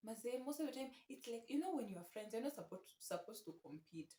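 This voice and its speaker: A woman's voice: fairly high pitch, brisk. A young Kenyan woman vlogging in a chatty, casual way, giving advice and mixing in Swahili slang. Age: young adult. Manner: chatty, mixes in Swahili slang, animated retellings. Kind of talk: casual talk to camera. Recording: echoey room.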